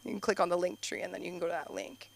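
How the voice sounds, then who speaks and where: A woman doing a stand-up comedy set on a club stage, telling animated stories with constant "like"s. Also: on the low side, very fast, creaky. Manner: animated storytelling, heavy use of "like". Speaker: stand-up comedian and show host.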